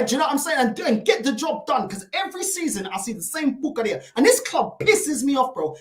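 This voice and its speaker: A woman, ranting as a panelist on a fan discussion show, exasperated and mocking. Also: sits high. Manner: exasperated, mocking, repeats "bro". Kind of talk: heated fan rant. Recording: echoey room.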